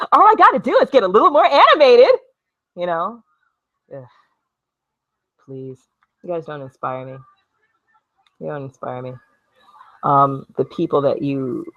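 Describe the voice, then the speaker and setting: A woman's voice: very deep voice, no room sound, dull audio. A woman in a casual vlog rant at home, blunt and sarcastic, swearing freely while she works with a glue gun. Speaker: video blogger. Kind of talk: casual talking-to-camera rant.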